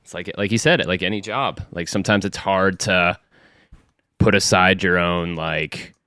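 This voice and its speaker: Male podcast co-host, low voice, relaxed, nods along with short replies. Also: moderate pace, clear, resonant tone, no echo, studio quality. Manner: laid-back, short agreeing replies. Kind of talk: casual podcast interview.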